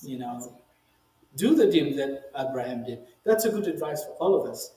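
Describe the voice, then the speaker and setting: A rabbi teaches the weekly Torah portion in a conversational Bible lesson, growing emphatic and raising his voice when he reads quoted speech, with frequent "you know" asides. His medium-pitched voice is expressive and warm at a moderate pace. The recording has a roomy echo.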